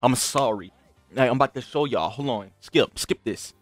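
A young gaming channel host gives casual gameplay commentary into a desk mic that also picks up game audio, with soft background music and no room sound. His medium-pitched voice keeps a moderate pace as he trash-talks his opponent, swinging from grumbling to hype.

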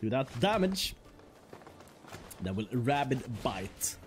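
A man's voice: medium pitch, sing-song, takes it slowly, faint music behind. A man streaming a card game, chatting casually and joking as he plays. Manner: playful, joking, laughs often, mock-French asides. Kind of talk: casual gameplay commentary.

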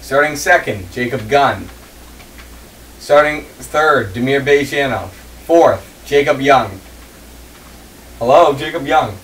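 A man's voice: medium pitch, slow pace, pauses often. A man hosting and commentating an online sim race, reading the starting grid and bantering with his co-commentators. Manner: reads grid lines in a steady list, joking banter. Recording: distant mic with faint room noise.

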